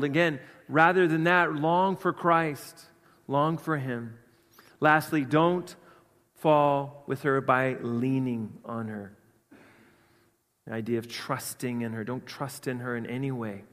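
Guy preaching a sermon, kinda high voice, earnest, loud then quiet, long echoey church hall sound. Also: steady tone, measured pace. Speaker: pastor.

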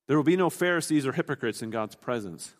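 A man's voice: mid-range voice, lively intonation, fast talker, long reverb tail. A man preaching a sermon, explaining a scripture passage in an earnest, teaching way, often restarting his sentences.

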